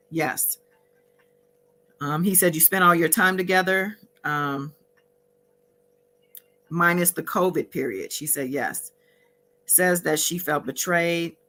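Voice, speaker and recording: A woman hosting a casual recap, reading out exchanges from her notes with frequent fillers and pauses. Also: deep voice, sharp tone. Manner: reads out courtroom exchanges from notes, pausing with fillers. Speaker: host recapping a court trial.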